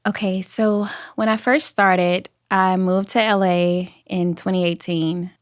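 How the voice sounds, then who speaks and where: Woman in her 30s, softened Southern accent, animated interview guest, dry studio sound. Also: lowish voice, slow, dry recording. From Alabama, US Southern. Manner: animated storyteller, acts out quoted voices. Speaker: guest, YouTube creator. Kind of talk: casual interview chat.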